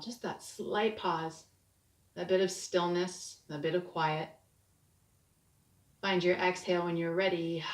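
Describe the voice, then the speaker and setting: A woman teaching a short yoga break, talking students through each move with gentle, soothing cues. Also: lowish voice, fairly even intonation, a little slow, long pauses. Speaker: yoga instructor. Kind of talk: guided yoga class. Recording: echoey room, distant mic.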